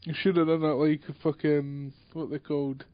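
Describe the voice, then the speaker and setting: A man's voice: a little high, level tone, moderate pace, no room sound, highs cut off. A young Scottish man co-hosting a casual film chat, blunt and sweary. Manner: blunt, sweary, laughs easily. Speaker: podcast co-host.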